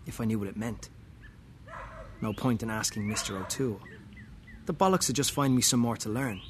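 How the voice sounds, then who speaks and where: A man reading a first-person story aloud, slow and wry, with muttered, dry asides. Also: on the low side, a little hiss or hum.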